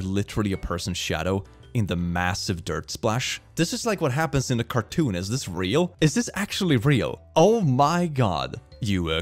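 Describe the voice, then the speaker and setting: A young man reading posts aloud and reacting with sarcastic comments, laughing often. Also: mid-range voice. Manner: sarcastic, laughs often, puts on silly voices. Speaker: reaction video host.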